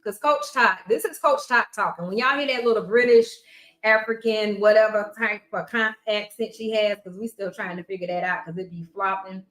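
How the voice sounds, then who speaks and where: A woman podcast coach talking casually to her viewers, chatty and emphatic, with quiet asides. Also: medium pitch, fairly even intonation, moderate pace, reverberant, low-quality recording. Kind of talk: casual promotional talk to camera.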